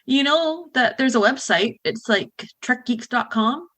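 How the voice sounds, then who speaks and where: A woman's voice: fairly high pitch, animated, measured pace, fairly bright tone, dry recording. A woman co-hosting a fan podcast, chatting in a playful, joking, easygoing way. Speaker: podcast co-host. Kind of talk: casual chat.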